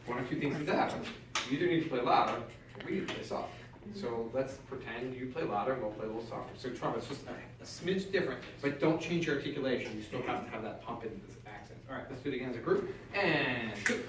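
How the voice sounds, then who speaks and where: A man coaches a small brass ensemble, speaking directly and encouragingly as he counts the players in. His voice sits in a middle pitch. The room is echoey, he is recorded from some distance, and there is faint background noise. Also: fast talker. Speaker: band clinician coaching a student brass ensemble. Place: band room.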